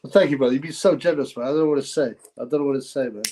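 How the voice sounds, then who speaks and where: A man's voice: medium pitch, rapid-fire, warm tone, a little hiss or hum. A man hosting a casual live stream, rambling, repeating himself, and effusively thanking donors. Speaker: livestream host reading donations.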